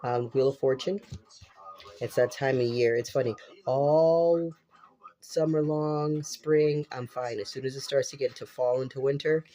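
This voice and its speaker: A man's voice: medium pitch, steady tone, measured pace, dark tone. A man with a congested, stuffy nose giving a casual tarot reading, repeating himself and exclaiming with casual swearing. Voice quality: unusual voice. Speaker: tarot reader.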